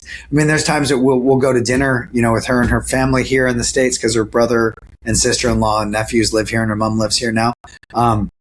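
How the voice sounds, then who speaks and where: A man interviewed as a guest actor talks earnestly in a casual video-call chat from home, sitting near a camera and full of fillers and restarts. His pitch is medium, with slight background noise.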